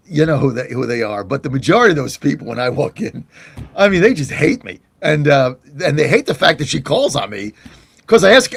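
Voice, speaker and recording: A man's voice: fairly high pitch, creaky, a bit bright, breathy edge, dry recording. An American man hosting a political talk show, chatting casually and indignantly, often laughing.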